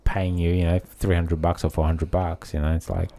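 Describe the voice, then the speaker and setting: A man's voice: sits low, level tone, normal speed, a crowd in the background. A man co-hosting a podcast in casual chat, easygoing and agreeable. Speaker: podcast co-host.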